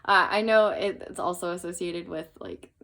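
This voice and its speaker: A woman's voice: on the low side, normal speed, creaky, a bit bright. A young woman giving a casual tarot reading to her viewers, chatty and earnest, with plenty of fillers and trailing asides. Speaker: tarot reader.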